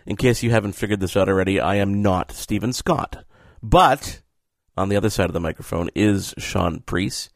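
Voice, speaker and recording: A man's voice: lowish voice, moderate pace, dry recording, studio quality. A man filling in as host of a casual podcast, joking about himself and laughing often. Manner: playful, self-mocking, laughs often.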